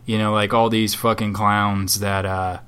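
A man's voice: lowish voice, flat delivery, measured pace, fairly bright tone, clean tone. A man co-hosting a podcast from Southwest Florida, chatting casually in a rambling, sardonic and profane way. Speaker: podcast co-host. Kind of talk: casual chat.

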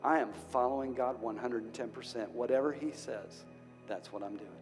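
Earnest preaching pastor in a reverberant hall. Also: male voice, mid-range voice, moderate pace. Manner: earnest, emotional, restarts often, swings loud and soft. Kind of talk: sermon. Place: church hall. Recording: church hall with long reverb and music.

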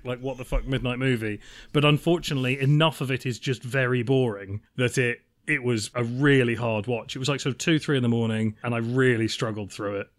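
A man's voice: medium pitch, fairly bright tone. A man chatting on a podcast about cult films with dry enthusiasm. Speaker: podcast co-host. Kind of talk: casual chat.

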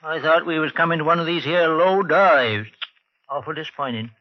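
A man's voice: a little high, moderate pace, no room sound, close to an everyday voice. An actor playing a folksy, homespun rural male sheriff in 1940s radio acting, on a dry lo-fi old broadcast. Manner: folksy, drawling, homespun sayings.

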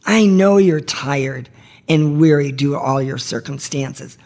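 A woman's voice: a bass voice, a little slow, darkish tone. A woman hosting a marriage ministry podcast, giving heartfelt devotional teaching in an earnest, pleading way.

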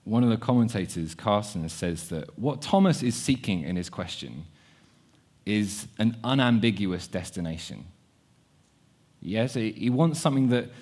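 Man, young adult, preacher, sermon, earnest, husky, mid pitch. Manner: earnest, repeats words, shifts between quiet and animated.

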